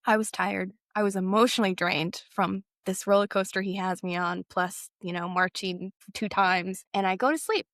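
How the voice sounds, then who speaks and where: A woman's voice: medium pitch, fairly bright tone, dry recording, clean studio sound. A young adult woman sharing a personal story in a candid, hesitant way, with frequent fillers and self-corrections.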